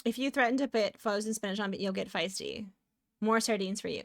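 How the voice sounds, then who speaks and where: A woman's voice: medium pitch, fairly even intonation, a little fast, vocal fry. A woman from Canada, chatting casually with viewers while drawing, giggly and talking to herself as she works. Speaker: streamer.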